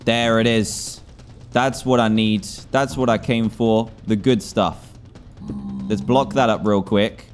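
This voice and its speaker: A man's voice: on the low side, slow pace, faint music behind. A young man giving casual Let's Play commentary, talking to himself and his viewers and yelping at scares. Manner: excitable, jumpy, talks to himself and viewers. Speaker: gaming YouTuber.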